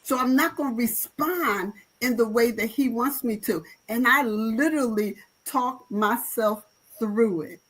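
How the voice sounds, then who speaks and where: A woman's voice: on the high side, a little slow, fairly bright tone, husky, low-quality recording. A woman pastor speaking on a live panel, emphatic and encouraging, with a preaching flavor.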